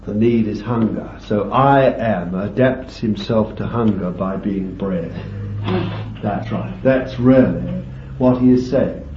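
A man's voice: fairly low pitch, a little hiss or hum. A man preaching a sermon, reading scripture and dwelling on emphatic words. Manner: slow, deliberate Bible exposition with emphatic stresses. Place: meeting hall with a small group. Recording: echoey, distant, dull lo-fi recording.

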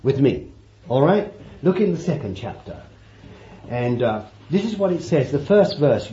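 Roomy old sermon tape, preacher. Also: male voice, mid-range voice, very animated, moderate pace, highs cut off, a little hiss or hum. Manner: dramatic swings from loud to hushed, repeats for emphasis.

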